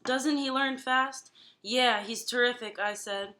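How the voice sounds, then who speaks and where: A woman reading a children's chapter book aloud, giving the characters lively voices. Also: a little high, a little slow. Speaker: guest reader.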